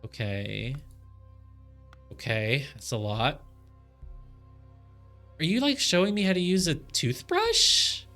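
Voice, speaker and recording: A man's voice: fairly high pitch, big pitch swings, slow pace, pauses often, sharp tone, soft background music. A young man streaming a puzzle game live, chatting and puzzling aloud with lots of fillers.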